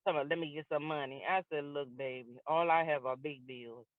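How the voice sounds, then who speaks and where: A woman's voice: sits low, fairly quick, dry recording. A middle-aged woman comedian doing a stand-up set over a video call, telling stories and acting out both sides of each conversation. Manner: lively storyteller acting out both sides of dialogues. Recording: tinny dry video-call audio.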